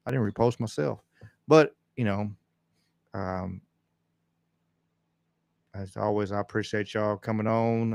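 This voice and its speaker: A man's voice: medium pitch, steady tone, measured pace, creaky, long pauses, darkish tone, smooth, dry recording. A man hosting a casual livestream podcast, rambling in a laid-back way with lots of fillers. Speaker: podcast host. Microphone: desk mic on a stand.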